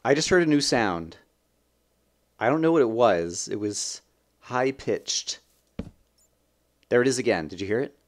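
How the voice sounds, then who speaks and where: A young man hosting a let's play, chatting and thinking aloud as he plays, with sudden bursts of excitement. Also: mid-range voice, a little slow, long pauses. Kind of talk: gameplay commentary.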